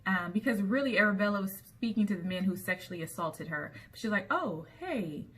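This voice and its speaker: A woman's voice: mid-range voice, fast talker, fairly bright tone. A woman recapping a TV episode in a chatty storytelling way, with frequent ums as she goes. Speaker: TV episode reviewer.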